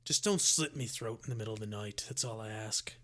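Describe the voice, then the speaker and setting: A man voicing a hostile male camp owner who shouts curt orders in a bright voice. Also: on the low side, fairly quick, pitched below the performer's own voice. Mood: grudging.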